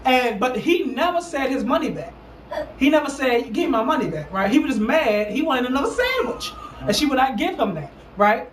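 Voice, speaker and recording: A man tells a story in a casual talk session with animated emphasis, acting out what other people said and repeating lines for punch. He sits back from the mic in a roomy, echoing space. A light hiss sits under his voice. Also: extremely high pitch, moderate pace, far from the mic. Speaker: host.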